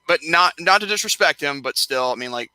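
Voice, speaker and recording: This young man speaks with a fairly high, very bright and forceful voice in a casual live-stream chat. He rambles and stumbles, repeating words as he builds up a rant. The sound is close and dry. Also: animated, brisk, smooth, no echo.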